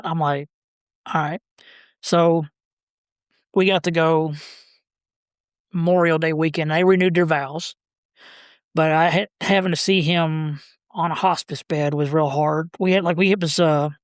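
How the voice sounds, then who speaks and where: A man, a podcast guest telling stories about his brother in a halting, rambling way. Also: a little high, no echo, studio quality. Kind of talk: casual storytelling.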